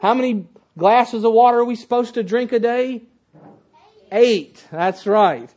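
High-pitched male preacher, emphatic sermon delivery, questions the congregation. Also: unhurried, darkish tone. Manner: emphatic, repeats key phrases.

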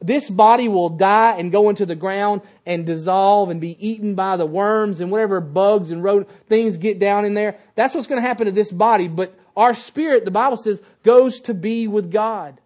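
High-voiced man preaching a sermon. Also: moderate pace, hardly any pauses, a little mellow. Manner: emphatic, repeats key phrases; asks the congregation questions.

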